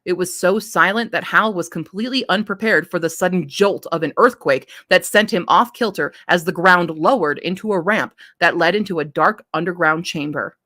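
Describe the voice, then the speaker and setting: A woman reading her own story draft aloud, pausing to redo lines as she goes. Her voice sits on the low side and her delivery is casual. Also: sharp tone.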